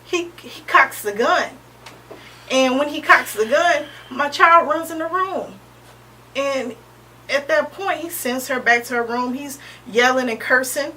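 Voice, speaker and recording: A woman in her thirties, an interview guest sharing a personal testimony in a halting, earnest way, often pausing with "um" and restarting. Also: high voice, sharp tone. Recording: distant mic with faint background noise.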